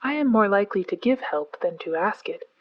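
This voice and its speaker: A woman voicing a proud, sceptical panther who speaks slowly, quietly and mockingly in a storybook reading. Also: mid-range voice, lively intonation, lo-fi sound, close to an everyday voice. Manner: slow, quiet, measured, mocking. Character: proud, cool black panther, dry and sceptical.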